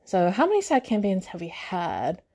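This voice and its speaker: A woman's voice: mid-range voice, huge pitch swings, normal speed, warm tone, slightly rough. A young woman hosting a podcast on her own, chatting casually and rambling with many fillers and self-corrections. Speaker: podcast host. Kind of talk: casual solo chat.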